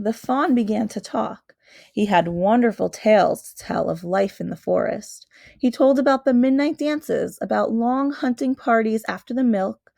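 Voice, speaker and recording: A woman's voice: mid-range voice, creaky, a little mellow, dry recording, clean studio sound. Woman reading a storybook aloud. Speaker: narrator.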